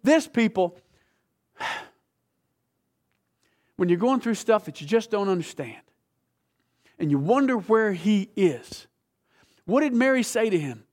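Impassioned high-voiced male preacher. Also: lively intonation, slow pace, pauses often. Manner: passionate, swings between hushed and loud; conversational, asks the audience questions. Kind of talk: sermon.

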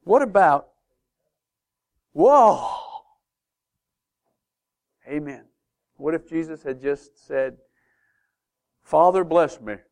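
A man preaches a sermon in church with animated energy, firing off rhetorical questions and alternating between soft asides and loud emphasis. His pitch is fairly high, he draws out his words, and he pauses often.

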